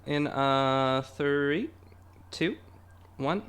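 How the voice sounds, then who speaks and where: A man's voice: on the high side, very slow, fairly bright tone, clean tone. A man hosting a casual songwriting session, chatting playfully and rambling with lots of "like" and frequent laughter. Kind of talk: casual chat.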